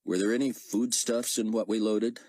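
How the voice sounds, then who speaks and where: A man voicing a calm, courteous captain who speaks in a measured way. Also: lowish voice, breathy edge, no echo, studio quality, voice pushed up. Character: calm, steady American male captain.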